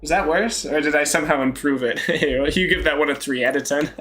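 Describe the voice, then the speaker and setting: A man's voice: a little high, normal speed, bright, forceful tone. A young man chatting casually on a live stream, joking, self-mocking and laughing often.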